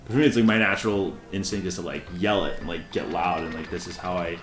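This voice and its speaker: Low-voiced man in an echoey room. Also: quick pace, soft background music. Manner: rambling, profane, many fillers and restarts. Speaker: podcast co-host. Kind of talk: casual chat while playing a game.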